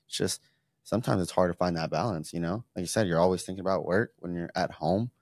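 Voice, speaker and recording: A man with a very low voice talks in a loose, rambling way, often repeating words and playing out his own thoughts. He sounds like a casual podcast co-host. The sound is dry and close, with no room around it. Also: quick pace, a little mellow, dry recording. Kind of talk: casual chat.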